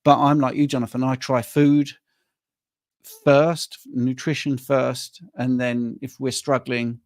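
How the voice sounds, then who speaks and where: Gravelly-voiced man from Wales. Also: medium pitch, level tone, takes it slowly, a little mellow, dry recording, clean studio sound. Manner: chatty, repeats and restarts words. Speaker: carnivore diet coach and host. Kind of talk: live Q&A panel chat.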